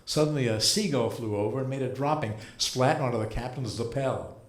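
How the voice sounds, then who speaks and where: A man in his seventies performing a stand-up comedy set as a rabbi comedian, with a dry, deadpan delivery and pauses before the punchlines. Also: medium pitch. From United States. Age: 70s. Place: comedy club stage. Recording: roomy live club sound.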